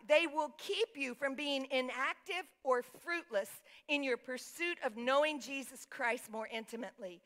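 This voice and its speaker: A woman's voice: fairly high pitch, a bit bright. A woman preacher delivering an emphatic sermon, reading scripture and calling on the congregation to answer back. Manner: emphatic, calls for congregation responses; reads scripture aloud.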